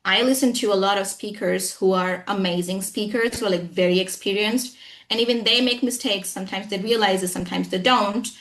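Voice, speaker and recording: A woman being interviewed about learning English, speaking with a practiced American accent. She talks with animated emphasis, leaning on her points and checking in with her listener as she goes. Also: medium pitch, brisk. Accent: American-style accent, acquired. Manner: animated, emphatic, frequent "you know what I'm saying". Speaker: guest English trainer. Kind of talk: conversational interview.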